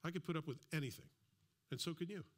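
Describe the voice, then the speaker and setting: A man's voice: a little high, fast. A man preaching a sermon as a pastor, in a conversational style with asides and acted-out quotes. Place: church.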